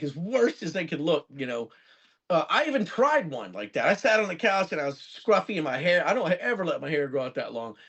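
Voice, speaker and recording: A man in his fifties, a musician and record producer, guests on a podcast, rambling casually through stories and swearing freely. He's an animated storyteller whose voice sits high, though the audio is dull.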